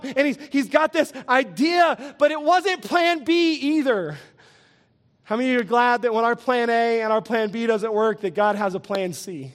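A male pastor giving a lively sermon, quizzing the congregation and chuckling as he goes. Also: very high-pitched, moderate pace.

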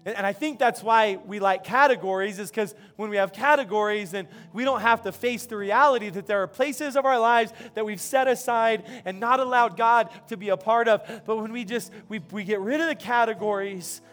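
A male pastor preaching in a church with a noticeably high voice. He tells a homey story in a casual, rambling way, doubling back and repeating words as he goes. Soft music plays faintly underneath. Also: fairly quick, few pauses. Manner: conversational, repeats words and restarts, chuckles. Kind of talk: sermon with storytelling.

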